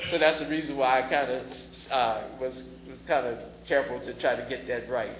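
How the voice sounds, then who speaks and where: Preaching briskly with fairly even intonation, the pastor has a medium-pitched, slightly bright voice. His sermon stays conversational apart from occasional emphatic stresses, recorded in an echoey space with faint noise.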